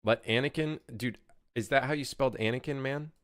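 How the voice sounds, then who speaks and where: A man's voice: mid-range voice, fairly quick, no echo, clean studio sound. A young man streaming while working on his game, chatting casually with viewers, swearing and venting in frustration. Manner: profane, exasperated, talks to chat. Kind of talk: casual livestream chat.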